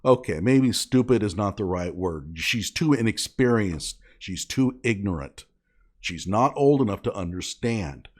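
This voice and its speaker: A man's voice: fairly low pitch, lively intonation, measured pace. A man delivering an indignant, sarcastic commentary rant, scolding as he talks. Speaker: online commentator.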